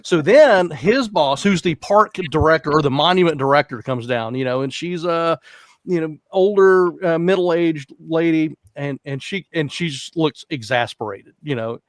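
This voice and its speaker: A man's voice: on the high side, normal speed, no echo, studio quality. A man telling a story in a casual online chat, acting out the people he quotes. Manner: animated, acts out quoted people.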